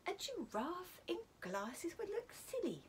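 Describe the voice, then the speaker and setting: A woman's voice: very high voice, wildly swooping pitch, slow pace, a little hiss or hum, voice pushed up, full character voice. Stubborn little giraffe girl, as a woman reads her. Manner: stubborn, dismissive.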